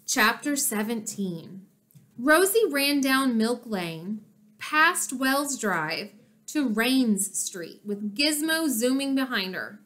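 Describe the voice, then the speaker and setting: A woman narrating a children's chapter book in an expressive storytelling manner. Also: fairly high pitch, slow pace. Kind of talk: children's audiobook reading.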